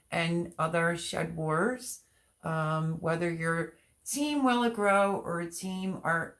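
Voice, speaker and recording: Low-ish voiced woman rambling on her garden live stream, reading chat comments, super casual. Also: a bit bright. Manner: chatty and rambling, talks while showing seed packets; reads viewer comments aloud and answers them. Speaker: gardening channel host.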